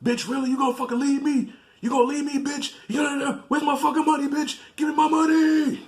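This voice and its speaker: A man voicing a drunk, belligerent young boyfriend who yells threats in a strained, high voice. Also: level tone, brisk, a little hiss or hum. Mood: belligerent, yelling. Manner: yelling, strained high cursing.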